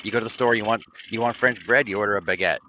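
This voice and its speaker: A man's voice: on the low side, racing, background noise. A man from Canada hosting a casual livestream chat, reading viewer comments with jokes and frequent laughter. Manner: laughs often, jokey. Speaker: livestream host.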